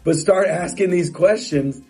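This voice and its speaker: A man's voice: sits high, a little slow, vocal fry, a little mellow, slightly rough, soft background music. A middle-aged man coaching real estate agents in a motivational talk, emphatic and repetitive, often restarting phrases.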